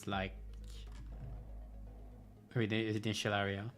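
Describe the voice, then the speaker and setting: A man's voice: lowish voice, monotone, unhurried, a bit bright, faint music behind. Man reading game dialogue with sarcastic asides. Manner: dry, sarcastic asides between read lines. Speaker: game streamer. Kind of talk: reading a game's story aloud with asides.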